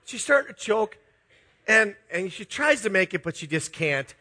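A Minnesota pastor in middle age mixes a sermon with personal stories, self-deprecating and confessional, chuckling throughout. His voice is high, very animated, sharp, and slightly rough, at a moderate pace.

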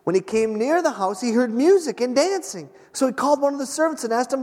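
High-voiced male pastor in a reverberant hall. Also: animated, a little mellow. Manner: retells a scripture story with dramatic pauses and emphasis. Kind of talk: sermon.

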